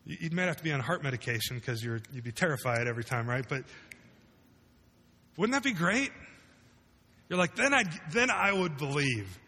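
A man's voice: medium pitch, big pitch swings, fairly quick, pauses often, sharp tone, in a large hall. A man preaching a sermon to a room of listeners, conversational and full of rhetorical questions. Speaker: pastor. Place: large room with congregation.

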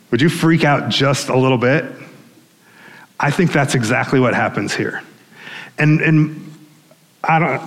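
A man preaching a sermon in a conversational, animated way, acting out the lines of the people in the story. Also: fairly high pitch, long reverb tail. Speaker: pastor.

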